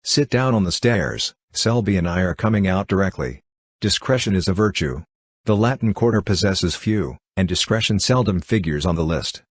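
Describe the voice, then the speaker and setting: A brusque young art student who teases his friend bluntly, read by a man. The voice is deep and husky, and the sound is dry and close. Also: expressive, normal speed, dry recording. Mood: gruff.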